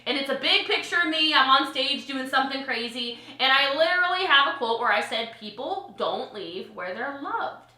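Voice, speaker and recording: Excitable high-voiced woman coach. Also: moderate pace, roomy sound. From Maryland, USA. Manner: excitable and gushing, with big swings in loudness. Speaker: network marketing coach. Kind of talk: live-streamed team training. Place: home in Texas.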